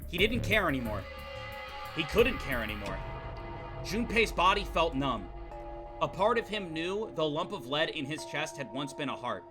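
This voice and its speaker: A young male streamer reading game text aloud in a hushed low voice and breaking off into profane rants at his chat. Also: sing-song, normal speed, over music.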